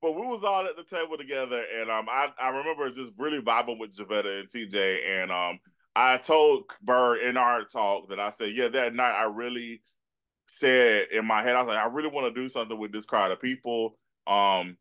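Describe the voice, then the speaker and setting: A man's voice: medium pitch, clean tone. A man, an actor and producer, telling stories as a guest in a casual chat. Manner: relaxed, unhurried storyteller. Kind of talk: casual conversation.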